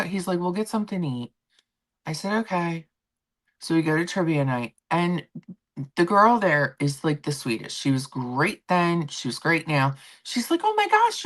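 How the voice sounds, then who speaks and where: A woman's voice: fairly low pitch, fairly bright tone. A middle-aged woman hosting a casual stream, chatting and telling a story with acted-out quotes. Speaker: stream host. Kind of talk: casual chat.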